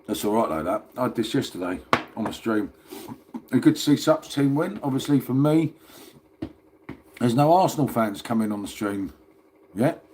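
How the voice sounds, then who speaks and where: A man's voice: mid-range voice, expressive, normal speed, long pauses, a little mellow, slight background noise. A man hosting a casual livestream from his phone, chatting and rambling and calling his viewers "mate". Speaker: livestream host.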